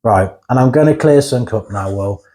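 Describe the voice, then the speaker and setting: A man in an interview tells his own story candidly, talking fairly quickly in a warm, mid-range voice. He's blunt and frank, swears now and then, and keeps checking in with the listener with a "right?".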